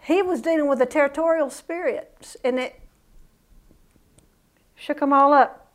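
Bible teacher, female, high-pitched, folksy and chatty between readings. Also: unhurried. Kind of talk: Bible study reading scripture with casual asides.

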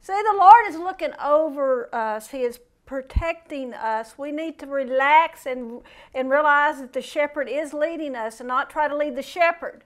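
A woman preaching an informal sermon, talking to her congregation in a relaxed, conversational way with playful asides. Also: high voice, moderate pace. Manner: conversational, animated, playful asides and mimicked voices.

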